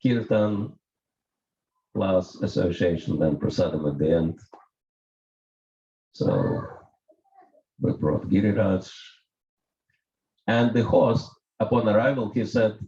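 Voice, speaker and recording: Slow-talking Russian-accented man, roomy sound. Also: fairly low pitch, animated, dark tone. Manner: slow, deliberate anecdote with light chuckles. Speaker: visiting monk giving a scripture class. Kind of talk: storytelling sermon. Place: home gathering indoors. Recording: roomy, dull lo-fi room recording.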